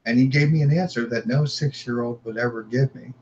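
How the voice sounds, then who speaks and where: A middle-aged man tells a guest story of his family's haunting, stumbling over words and restarting phrases. His pitch sits in the ordinary middle range. The recording is a little dull, with a faint hiss behind him. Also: fairly even intonation, darkish tone. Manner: halting, repeats words, acts out quotes. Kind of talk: recounting paranormal experiences.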